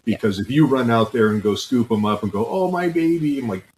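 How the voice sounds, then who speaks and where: A man's voice: lowish voice, steady tone, fast, darkish tone, a little hiss or hum, rough recording. A man co-hosting a podcast in casual chat, telling stories and acting out the voices of people he quotes. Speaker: podcast co-host.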